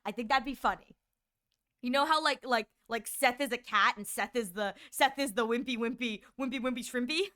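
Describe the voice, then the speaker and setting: Young woman, streamer, casual chat, rambling, frequent restarts, shrill slightly high voice. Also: fairly quick, pushed and bright. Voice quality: voice she calls shrill, like nails on a chalkboard.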